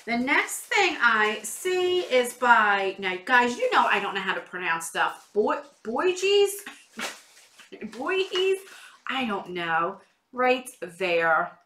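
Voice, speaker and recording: A woman's voice: medium pitch, lively intonation, takes it slowly, bright, forceful tone, reverberant, slight background noise. A woman chatting through a beauty box unboxing in a casual vlog, a little stuffy from a cold. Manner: chatty, exclaiming over products.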